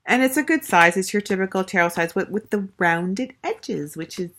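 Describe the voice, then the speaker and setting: A woman's voice: medium pitch, animated, moderate pace, fairly bright tone. A woman casually reviewing a tarot deck, gushing and chatty, with lots of fillers and restarts. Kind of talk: casual show-and-tell review.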